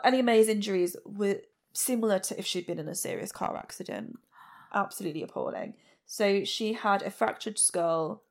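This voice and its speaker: A woman hosting a true crime podcast, telling the case step by step with blunt, plain-spoken asides. Her voice carries a gravelly, creaky edge, and she sits in the middle of the pitch range for a woman. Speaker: podcast host.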